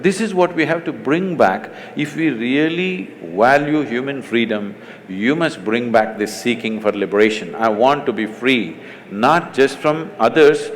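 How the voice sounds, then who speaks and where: A middle-aged man with an Indian accent, a spiritual teacher in a stage conversation, talking emphatically with teasing asides and slow deliberate stresses. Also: medium pitch.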